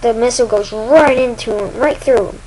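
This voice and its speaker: A woman's voice: a little high, moderate pace, a little mellow, slight background noise, low-quality recording. A woman casually retelling a video game's story, rambling and adding sound effects. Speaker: game video narrator.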